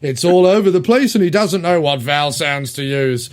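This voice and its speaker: A man talking through an old film in a loose, casual podcast chat. His voice sits a bit high for a man, and he rambles, filling gaps with ums and breaking into laughs. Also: lively intonation, normal speed. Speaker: podcast host. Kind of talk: casual movie review chat.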